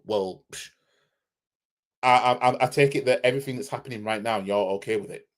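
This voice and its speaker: A man's voice: medium pitch, brisk. Sarcastic man ranting on a stream. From Yorkshire. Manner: sarcastic, repeats himself, reads viewer comments aloud. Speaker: football fan streamer. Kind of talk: live-stream rant.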